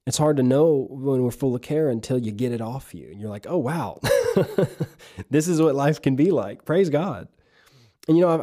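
A man preaching on his podcast, exhorting listeners and having them repeat phrases aloud while guiding slow breaths. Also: mid-range voice, mellow. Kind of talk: podcast sermon with guided breathing.

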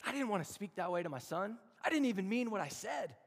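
A man in his thirties, speaking at a campus chapel, delivers a conversational, storytelling sermon to a room of students, slowing down for emphatic phrases. His high-pitched voice is very animated, with vocal fry and a breathy edge, and the recording carries a long hall reverb.

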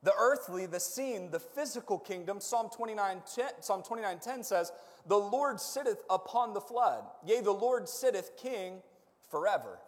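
High-voiced preacher in a reverberant hall. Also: male voice, lively intonation, moderate pace. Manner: call-and-response preaching, rising to shouts. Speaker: pastor. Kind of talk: sermon.

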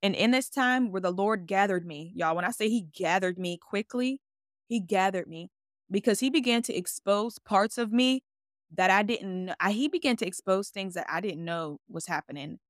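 Expressive woman podcast host, casual faith talk, mid-range voice, close and dry. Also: medium pitch, normal speed, dry recording. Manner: casual, chatty and expressive, acting out her own quoted words.

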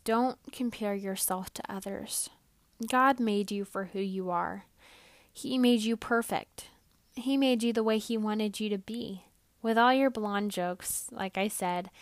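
A young woman speaks to her listeners in an earnest, encouraging devotional podcast talk, repeating her main phrases for weight. Her voice sits at a middle pitch. The recording is dry and close, with no room echo. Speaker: podcast host.

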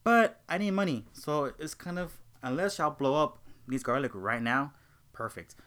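A young man hosting a casual talk show, telling an animated story about a rude customer and acting out both sides of the argument. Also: on the high side, moderate pace. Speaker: host.

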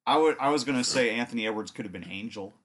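A man's voice: medium pitch, quick pace, fairly bright tone, a little hiss or hum. A man co-hosting a podcast, joking around and swearing freely in casual chat.

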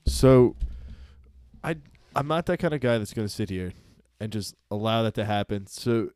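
Young man, podcast co-host, lively up-and-down voice, dry close sound, casual storytelling, swears. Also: on the low side, moderate pace, clear, resonant tone, no room sound. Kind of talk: casual chat.

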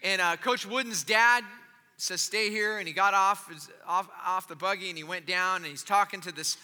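A man preaching a sermon as he tells a story, animated and then softly gentle. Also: sits high, moderate pace, big-room sound. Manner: animated, drops to soft gentle tones. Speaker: pastor.

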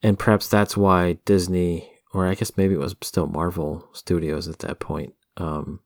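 A man co-hosting a comics podcast, speaking in a measured, thoughtful way with frequent ums. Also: low voice, no room sound, clean studio sound. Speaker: podcast co-host. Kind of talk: casual chat about comics.

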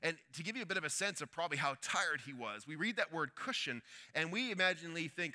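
A man preaching a sermon, telling a story that swings between loud urgency and hushed quiet. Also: on the high side, lively intonation, fast talker.

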